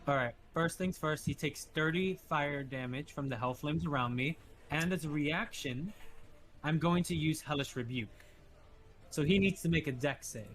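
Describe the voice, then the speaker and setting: A man's voice: a little high, moderate pace, fairly bright tone. A man playing in a casual tabletop game, thinking aloud about his spells and swearing now and then. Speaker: player.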